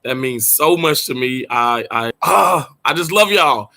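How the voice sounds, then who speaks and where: A man from Mississippi, a little hoarse, chatting casually and playfully with livestream viewers from a hotel room, laughing often and drawing words out. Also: medium pitch, animated, measured pace, pushed and bright. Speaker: livestream host.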